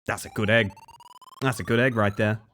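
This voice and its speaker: A young man chatting casually with his livestream audience, swinging between nervous mumbling and excited high outbursts. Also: moderate pace, faint music behind. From Western Australia.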